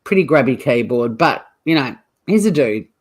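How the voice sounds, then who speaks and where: Australian woman host, low voice with big swings in pitch, blunt, chatty live commentary. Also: expressive, normal speed, slightly rough. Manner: chatty, blunt, laughing asides. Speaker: livestream host.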